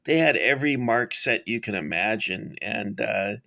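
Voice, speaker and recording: A middle-aged man casually showing his toy figures and rambling off on tangents with many pauses. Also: fairly low pitch, lively intonation, vocal fry, sharp tone. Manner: rambling, digressive, many fillers. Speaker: toy collector reviewing figures. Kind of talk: casual show-and-tell.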